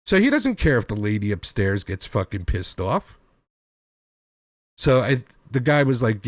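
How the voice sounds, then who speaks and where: A man's voice: a little high, no echo, clean studio sound. A man telling an aggrieved story about work, swearing often and acting out other people's voices. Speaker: host. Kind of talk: storytelling rant.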